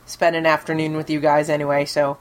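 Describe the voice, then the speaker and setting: A woman's voice: low-pitched, level tone, fairly quick. Chatty woman guest on a podcast. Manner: chatty, laughing easily. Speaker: guest co-host. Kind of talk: casual podcast chat.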